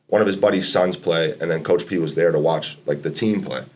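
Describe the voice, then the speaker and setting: Give me a man in his twenties with a deep voice, telling a story in a loose, rambling way. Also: fairly quick, darkish tone. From Massachusetts, US. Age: 20s. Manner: rambling, laid-back, lots of fillers and quoted dialogue. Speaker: podcast guest, college basketball player. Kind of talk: casual storytelling interview.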